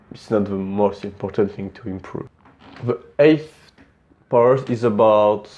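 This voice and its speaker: A young man with a French accent talks through tips for public speaking in a relaxed, plain way. His voice sits fairly low and sounds dark and mellow. He often catches himself and restarts a word. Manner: relaxed and plain-spoken, frequent small restarts. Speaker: presenter giving speaking tips. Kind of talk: casual instructional talk.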